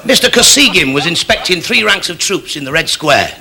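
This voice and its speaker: A man doing stand-up, rattling through one-liners in a brisk, matter-of-fact delivery and chuckling at his own punchlines. His voice is fairly high and gravelly, with a bright, forceful edge and a lively swing in pitch. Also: over a noisy crowd, heavy background noise. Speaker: stand-up comedian. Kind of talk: stand-up joke telling.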